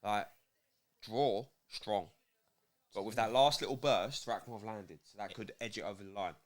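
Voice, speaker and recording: A man's voice: on the low side, normal speed. Blunt British man analysing a fight. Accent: British English. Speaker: co-host, boxing pundit. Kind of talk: casual fight commentary chat.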